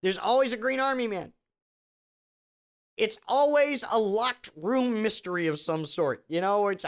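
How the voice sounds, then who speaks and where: A man in a sarcastic, rambling comedic rant, tripping over restarts as he piles up asides. His voice sits high and swings widely in pitch, which keeps the delivery lively. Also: unhurried.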